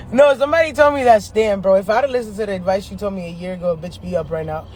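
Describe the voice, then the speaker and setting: High-voiced man, slangy and animated. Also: quick pace, faint music behind. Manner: animated, profane, slangy storytelling; laughs often between lines. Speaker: astrology vlogger. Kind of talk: casual chat to camera. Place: inside a parked car.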